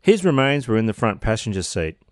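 A man's voice: on the low side, very animated, a little fast, dry recording, studio quality. A man hosting a podcast, narrating a true crime case with wry, sardonic asides. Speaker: podcast host.

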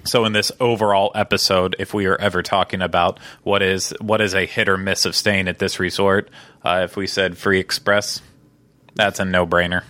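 A man's voice: low-pitched, little pitch movement, moderate pace, sharp tone, no room sound. A young man hosting a casual podcast, chatty and enthusiastic with many fillers. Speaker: podcast host.

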